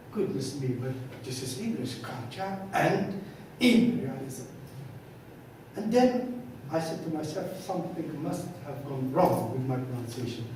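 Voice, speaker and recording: A man's voice: a little high, a little mellow, a little hiss or hum. A man giving a lecture, telling anecdotes and acting out both sides of the dialogues, recorded in a hall from some distance. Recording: echoey hall, voice from far off.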